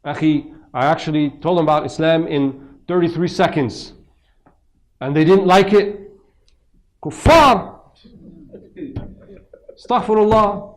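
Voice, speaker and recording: A man's voice: a little high, a little slow, long pauses, lightly acted. A man acting out a smug, overzealous young street preacher in a self-satisfied, indignant tone as a mocking caricature.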